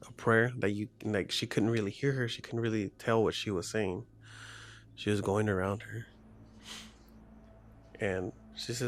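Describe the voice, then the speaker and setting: A man's voice: fairly low pitch, steady tone, normal speed, long pauses. A man casually retelling a horror story, rambling with lots of "like" fillers and restarts.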